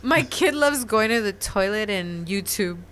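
A woman's voice: medium pitch, expressive, measured pace, a bit bright, a little hiss or hum. A woman in her thirties in a casual chat, blunt and laughing often, swearing freely.

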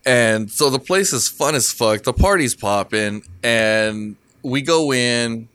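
A man's voice: medium pitch, slow, clean tone, no echo. Guy swearing his way through a bar story on a podcast, dry close sound. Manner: profane, laughing, animated retelling. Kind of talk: casual storytelling.

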